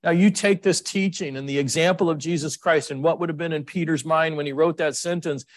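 A middle-aged male pastor preaching a sermon in an emotional, rambling way, with frequent restarts and sudden jumps up and down in pitch. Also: steady tone, brisk, no room sound, studio quality.

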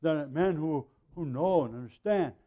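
This middle-aged Bible teacher goes verse by verse in a casual, conversational way, clearing his throat frequently and drifting into asides. His voice sits on the high side with a dark tone, at a normal speed.

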